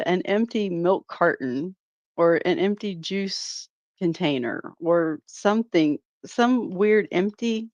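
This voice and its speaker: A woman's voice: mid-range voice, darkish tone, no echo. A woman hosting a reaction channel, giving mocking, sarcastic commentary and laughing often.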